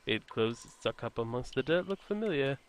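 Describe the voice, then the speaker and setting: A man's voice: mid-range voice, lively intonation, brisk, close to an everyday voice. A man voicing an uneasy amnesiac man in a horror game, reading the text aloud as grave first-person narration in a put-on British accent, recorded with background noise. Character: uneasy amnesiac grown man exploring dark tunnels.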